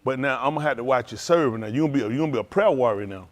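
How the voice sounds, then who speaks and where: A man's voice: medium pitch, racing. A man giving a humorous sermon, joking, laughing often and calling out to the congregation. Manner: joking, laughing often, call-and-response with the audience; colloquial and rambling, with many restarts. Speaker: preacher addressing a congregation.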